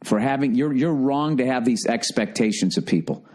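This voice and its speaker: A man hosting a solo comedy podcast, ranting profanely and swinging from shouted outbursts to low grumbling. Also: moderate pace. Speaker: podcast host.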